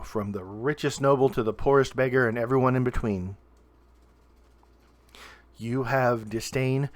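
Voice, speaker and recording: A young man from Southern Ohio giving a short video sermon to camera, earnest and emphatic, slowing down and pausing to stress key words. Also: mid-range voice, no room sound. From Southern Ohio, USA. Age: young adult. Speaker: preacher.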